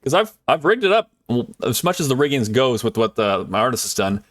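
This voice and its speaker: A man chats with his live-stream viewers in a loose, upbeat way, drifting between thanks, jokes and small asides. His voice sits at an ordinary middle pitch. The sound is close and dry, with no room echo. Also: sing-song, fairly quick, a bit bright. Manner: chatty, upbeat, lots of fillers and asides.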